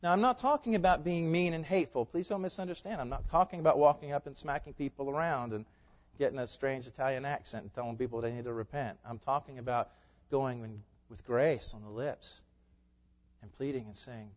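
A man's voice: medium pitch, brisk. Emphatic male pastor preaching in a reverberant hall. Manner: emphatic, pleading preaching with rhetorical questions. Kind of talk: sermon. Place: church sanctuary. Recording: dull sound with long hall reverb.

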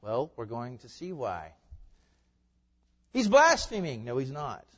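A man preaching a sermon as a pastor, swinging between loud emphatic lines and soft hushed ones. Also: medium pitch, huge pitch swings, slow, breathy edge, big-room sound, dull audio.

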